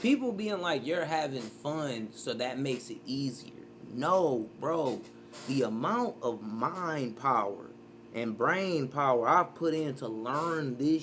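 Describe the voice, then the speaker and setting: A man's voice: fairly high pitch, a bit bright, a little hiss or hum. A man giving casual reaction commentary as a streamer, emphatic and profane, repeating his points.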